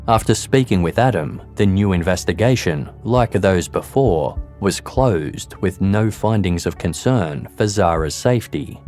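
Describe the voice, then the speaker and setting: A man narrating a true crime podcast in a measured, somber, scripted way. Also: deep voice, expressive, darkish tone, faint music behind.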